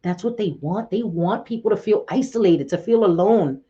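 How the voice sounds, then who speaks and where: Middle-aged woman, livestream host, mellow voice, chatty and laughing, dull lo-fi audio. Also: medium pitch, animated, moderate pace, breathy edge. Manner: chatty, laughs often, talks to viewers by name. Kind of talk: casual livestream chat.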